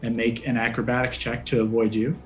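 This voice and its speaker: A man's voice: medium pitch, little pitch movement, fairly quick, faint music behind. A man running a tabletop role-playing game as game master, thinking aloud and joking as he goes.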